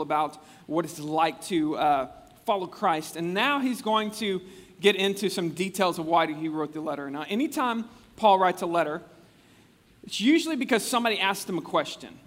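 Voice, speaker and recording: Male pastor, high-pitched, conversational sermon, long hall reverb. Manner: animated, chatty, acts out quotes with frequent restarts.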